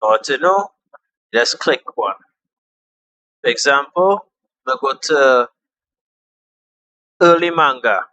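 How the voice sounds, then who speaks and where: A young tutorial host walks viewers through a phone app in a casual, chatty way, repeating steps and trailing off with fillers. His mid-range voice is pushed and bright with lively intonation, though he speaks slowly with long pauses. The audio quality is poor.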